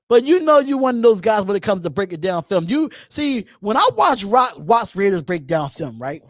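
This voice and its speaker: A man from Philadelphia hosting a live call-in show, reading out chat questions and answering in an animated, repetitive way. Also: sits high, moderate pace, hardly any pauses, no room sound, studio quality. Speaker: host.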